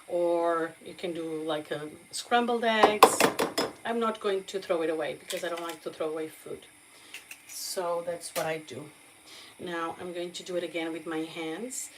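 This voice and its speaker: Cooking vlogger, woman, Portuguese accent, lowish voice, chatty, checks in with viewers, faint kitchen noise behind. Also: rough recording. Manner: chatty, warm asides to viewers, frequent "okay?" check-ins. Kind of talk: casual cooking demonstration. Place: home kitchen.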